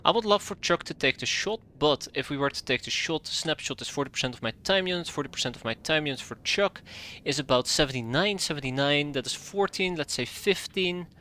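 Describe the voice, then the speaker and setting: Exasperated male game streamer, bright crisp voice. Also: a little high, expressive, fairly quick. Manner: exasperated, sarcastic running commentary with muttered math. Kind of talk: live gameplay commentary.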